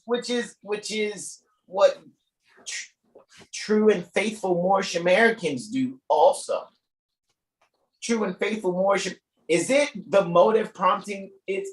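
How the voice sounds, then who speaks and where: A man hosting a live reading, talking off the cuff in a rambling, animated way and laughing often. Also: fairly high pitch. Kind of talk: casual improvised commentary. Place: room in a shop. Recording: echoey room.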